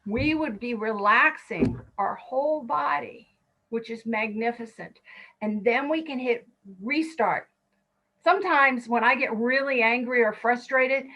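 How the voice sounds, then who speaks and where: A woman's voice: a little high, a bit bright, low-quality recording. A woman in her fifties from California, leading an online stress management class, talking listeners through breathing counts with chatty personal asides.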